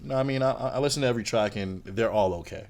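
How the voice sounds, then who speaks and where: A man's voice: medium pitch, very fast, a crowd in the background. A man co-hosting a casual studio podcast, talking bluntly and swearing freely as he gives his opinions. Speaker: podcast co-host. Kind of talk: casual chat.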